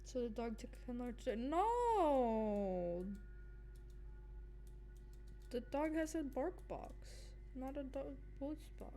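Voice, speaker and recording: A woman livestreaming while she plays a game, chatting casually. She is goofy and playful, giggles often, and breaks into squeaky cries and mock whispers. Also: normal speed, few pauses, dark tone, a little hiss or hum. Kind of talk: casual live-stream chatter while gaming.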